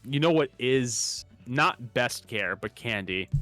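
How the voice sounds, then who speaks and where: Mid-range and slow, this man's voice comes with faint music in the background. He co-hosts a live stream in casual conversation, rambling and animated, frequently laughing and restarting words.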